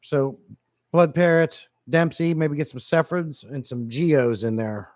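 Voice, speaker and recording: A man's voice: fairly high pitch, a little slow, dry recording. Playful rambling male livestreamer, dry sound. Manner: playful, rambling, jokey with chat. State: a bit low-energy. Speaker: fish-keeping livestreamer. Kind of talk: casual livestream chat reading comments. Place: home fish room.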